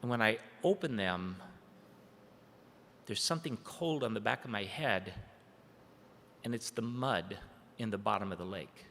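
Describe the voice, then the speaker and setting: A man giving a dramatic personal storytelling speech at a training event. He tells it vividly, swinging between urgent, loud passages and hushed, slow ones. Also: medium pitch, slight background noise. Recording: echoey hall with long reverb.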